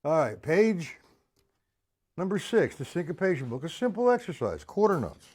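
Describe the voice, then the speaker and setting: A man's voice: on the high side, very animated, normal speed, darkish tone, a little hiss or hum. A man teaching drums on a live stream, chatting casually and counting beats aloud. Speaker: drum teacher. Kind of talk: live-streamed drum lesson.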